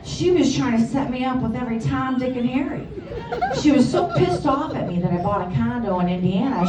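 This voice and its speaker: A woman's voice: fairly high pitch, animated, moderate pace, background noise. A woman, giving a profane, funny eulogy for her best friend. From Chicago area. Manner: blunt, profane, joking. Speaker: eulogy speaker. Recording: roomy hall, distant mic, crowd.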